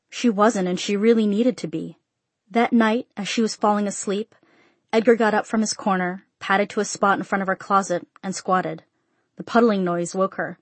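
A woman reads a literary story aloud in a steady, measured voice of middling pitch. Her tone is soft and breathy, and the recording is dry and close with no room sound. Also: no echo. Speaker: narrator. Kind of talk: audiobook narration.

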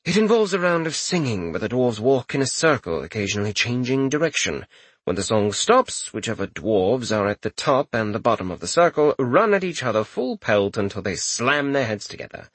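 A man's voice: medium pitch, big pitch swings, moderate pace, a bit bright, no echo. A man voicing a disapproving, sour-spoken chamberlain with a stiff, formal manner.

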